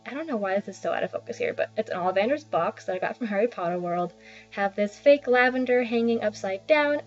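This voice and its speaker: Chatty young woman on an apartment tour. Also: medium pitch. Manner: chatty, self-deprecating, rambling asides. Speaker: vlogger giving a home tour. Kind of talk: casual narration of an apartment tour. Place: small basement apartment. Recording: slightly dull lo-fi sound with faint background music.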